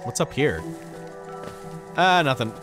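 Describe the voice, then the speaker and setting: A young man giving casual, goofy let's play commentary, excitedly talking to the game's characters. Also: mid-range voice, slow pace. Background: game music.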